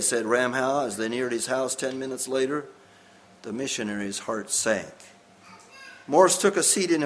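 A man reading a story aloud in a measured, grave way. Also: mid-range voice, a bit bright.

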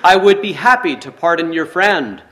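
A man voicing an army general who speaks in a measured, firm way, grave but kind. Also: a little high, pushed and bright. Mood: grave, kindly.

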